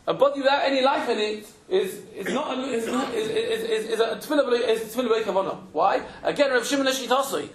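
High-voiced man teaching a Talmud class. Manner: emphatic, repeats words while searching for phrasing. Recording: roomy echo.

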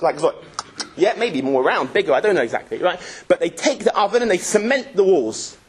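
Guy teaching gemara in shul, kinda husky, high-ish voice, jokey and lively. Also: fairly quick. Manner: jokey, lively storytelling with Yiddish-Hebrew terms. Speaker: Torah teacher. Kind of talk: casual Talmud class in a synagogue. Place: synagogue.

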